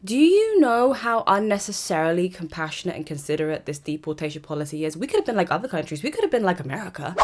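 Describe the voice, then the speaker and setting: A woman hosting a podcast, ranting through a monologue with heavy sarcasm. Her voice sits a little low for a woman, and she leans hard on her points. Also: big pitch swings, fast talker, slight background noise. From Britain. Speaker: podcast host. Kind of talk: opinionated monologue.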